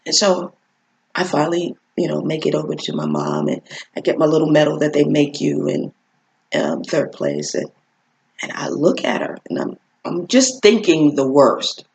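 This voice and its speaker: A woman's voice: deep voice, normal speed, vocal fry. A woman telling a personal story as a motivational speaker, earnest and encouraging, acting out voices along the way. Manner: animated, acts out voices in her story.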